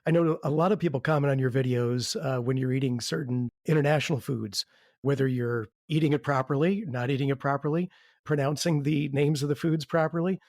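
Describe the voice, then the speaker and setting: A man hosting a podcast interview, asking long, measured questions. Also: mid-range voice, fairly even intonation, a little mellow, no room sound, clean studio sound. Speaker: podcast host.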